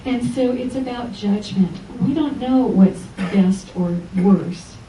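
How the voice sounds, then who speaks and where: A woman's voice: medium pitch, takes it slowly, a little hiss or hum. A woman spiritual teacher giving an inspirational Sunday church lecture, telling stories and acting out the voices of the people in them. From Los Angeles. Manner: animated storytelling, acting out quoted voices. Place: church hall. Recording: echoey church hall from far off.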